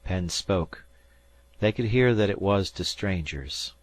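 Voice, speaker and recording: A man reading a classic novel aloud as an audiobook narrator, slow and expressive. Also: sits low, no echo.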